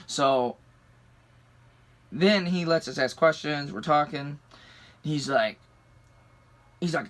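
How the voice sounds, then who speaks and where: Young guy, storytime vlog, cursing and heated, fairly high, bright voice. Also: a little slow, pauses often. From rural United States. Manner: profane, heated retelling. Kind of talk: casual storytime.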